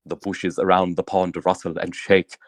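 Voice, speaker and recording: A man's voice: low-pitched, level tone, moderate pace, dry recording, voice pushed down, lightly acted. A man playing a grandiose, pompous male romance author who reads out florid erotic excerpts in ornate language. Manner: grandiose, theatrical, ornate wording.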